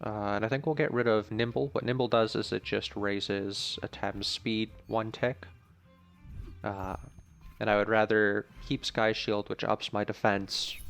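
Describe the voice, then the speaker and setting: A man's voice: on the low side, vocal fry, fairly bright tone. A man commenting on a video game as he plays, chatty and jokey, thinking aloud about his moves. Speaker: gaming channel host. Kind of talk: let's play commentary.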